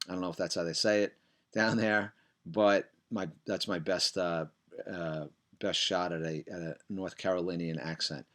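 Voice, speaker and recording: Low-voiced upbeat school speaker, a man. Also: normal speed. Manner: upbeat, direct, encouraging address to kids; loud, energetic opening greeting. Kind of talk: recorded video message to students.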